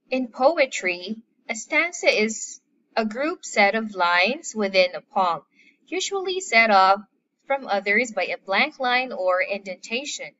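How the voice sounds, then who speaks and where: A woman's voice: mid-range voice, sharp tone, dull audio, a little hiss or hum. A woman teacher from the Philippines giving an online literature lesson, patiently explaining and listing terms one by one.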